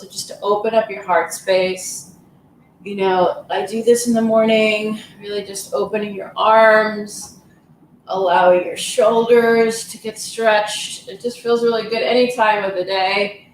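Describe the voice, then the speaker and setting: A woman coaching a live wellness session, gentle and encouraging, her voice soothing and unhurried. Her voice sits at a middle pitch. The room around her is roomy and echoey, with a faint hiss behind her. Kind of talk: guided stretching, breathing and affirmations. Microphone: livestream, device mic.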